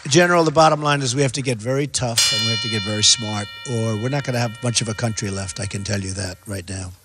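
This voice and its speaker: A male candidate fields questions with rambling, repetitive, emphatic stump-speech answers in an echoey hall. He talks fast in a lowish voice, with loud music playing behind him.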